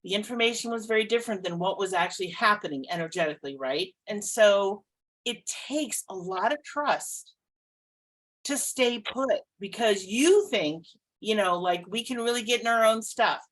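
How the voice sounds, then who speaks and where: Woman, psychic and podcast co-host; casual chat, animated, laughs a lot, salty language. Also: medium pitch, normal speed, poor audio. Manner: animated and expressive, laughs often, swears casually.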